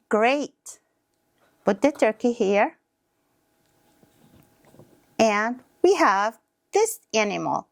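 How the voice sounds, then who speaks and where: A woman teacher showing a toddler play activity, speaking in slow, simple, encouraging words. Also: a little high, animated, no echo, studio quality. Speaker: early childhood teacher.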